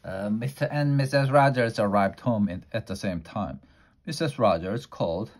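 A man reading a children's storybook aloud in a plain, unhurried way, slowing down for effect. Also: on the low side. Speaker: storybook reader.

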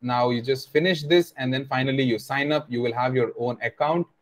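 A man's voice: mid-range voice, steady tone, fairly quick. Patient young man teaching on a video call. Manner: explaining patiently, repeating points, many fillers. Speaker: online class instructor.

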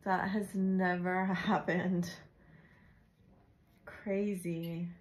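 A woman's voice: on the low side, little pitch movement, drawn-out words, heavy background noise. A woman giving a casual tarot love reading, chatty and intuitive, with asides and fillers. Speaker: tarot reader.

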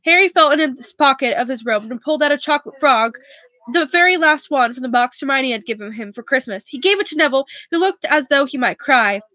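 A woman reading a novel aloud at a steady pace, correcting her own slips as she goes. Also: sits high, brisk, no echo, highs cut off. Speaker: reader.

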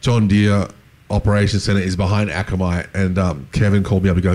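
Low-voiced man, blunt and casual. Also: fairly even intonation, fairly quick, darkish tone. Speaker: security researcher on a panel. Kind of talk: casual panel talk.

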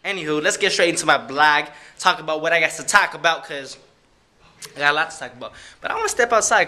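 Young man, DJ vlogger, bright sharp tone, high voice, rambling, playful, profane. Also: animated, fast. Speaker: DJ and club promoter. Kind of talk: casual vlog talk.

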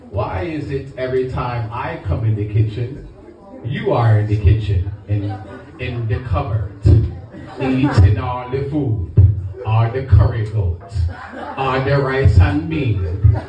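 A man's voice: medium pitch, highs cut off, voice pushed down, lightly acted. A man voicing an older Caribbean father with a Caribbean accent, nagging and firing off one question after another. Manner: string of scolding questions. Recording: echoey club, distant mic, crowd.

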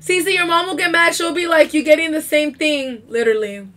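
A woman chatting excitedly while playing a video game, often shrieking and laughing. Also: sits high, brisk. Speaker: gamer playing on stream. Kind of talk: casual gaming commentary.

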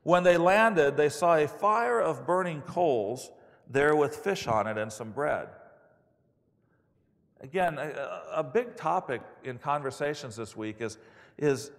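A man preaches in a large hall, his voice trailing off into a long reverb. He tells stories in an animated way, his pitch rising and falling widely. His voice sits a little on the high side for a man. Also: slow. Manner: animated storytelling with acted-out quotes. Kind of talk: sermon.

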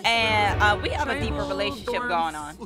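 A woman's voice: mid-range voice, lively intonation, moderate pace. A woman giving casual, profane commentary over a life-sim game, hyping and trash-talking the characters. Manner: profane, playful, dramatic trash talk at the game. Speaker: let's play gamer. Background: game music.

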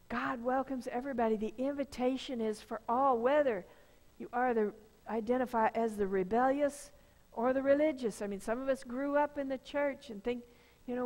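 A woman's voice: fairly high pitch, darkish tone. A woman pastor giving a conversational sermon, acting out the voices of the people in her story. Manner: conversational preaching, acts out quoted voices. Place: church sanctuary. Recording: long reverb of a church sanctuary.

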